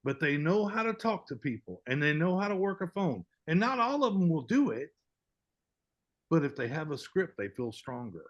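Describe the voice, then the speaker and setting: Folksy man with a slightly high voice. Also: sing-song, moderate pace. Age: older. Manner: folksy storytelling, acts out both sides of a conversation. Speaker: network marketing presenter. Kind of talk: casual webinar talk. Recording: dull lo-fi webinar audio.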